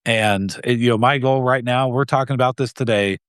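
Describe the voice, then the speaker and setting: A man's voice: mid-range voice, steady tone, a little fast, fairly bright tone, clean tone, no echo, studio quality. A man speaking as a guest in an interview, earnest and heated, often restarting his sentences and laughing briefly. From Idaho. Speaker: guest, gun rights group president. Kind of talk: casual interview talk.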